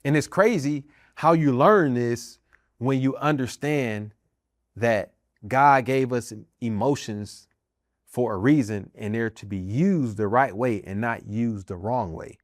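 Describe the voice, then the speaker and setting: A man's voice: medium pitch, slow pace. Middle-aged american guy telling his own story, earnest and emphatic, keeps repeating himself, dry no-echo sound. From United States. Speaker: podcast host, army veteran and minister. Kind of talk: personal testimony talk.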